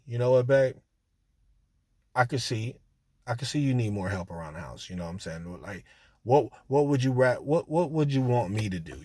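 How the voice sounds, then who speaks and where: A man's voice: on the low side, a little mellow, dry recording, studio quality. A man talking casually and directly to listeners, giving relationship advice with lots of repetition and fillers. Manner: conversational, repeats himself, addresses listeners directly; colloquial, with frequent fillers. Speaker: relationship talk host.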